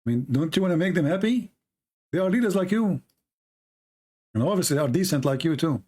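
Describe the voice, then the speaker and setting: A man's voice: fairly high pitch, animated, a little fast, darkish tone, breathy edge. Sarcastic man joking in a rambling monologue. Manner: sarcastic, joking, laughs at his own jokes; rambling with frequent restarts and fillers. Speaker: online show host. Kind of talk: casual mocking commentary.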